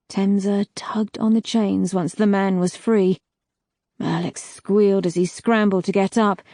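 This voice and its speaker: Woman, audiobook narrator, slow steady reading, dry close mic. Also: mid-range voice, dry recording. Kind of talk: scripted fantasy narration.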